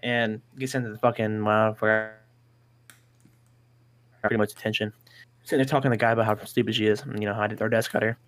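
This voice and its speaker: A man's voice: fairly low pitch, flat delivery, fast talker, long pauses. A young man telling a rambling, profane story in casual chat.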